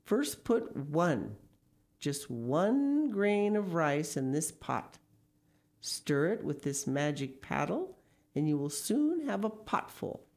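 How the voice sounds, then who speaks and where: A woman's voice: low-pitched, very animated, slow pace, darkish tone, heavily acted. A woman voicing a big male ogre-demon in a storybook, formal and courteous in speech. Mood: gruffly polite.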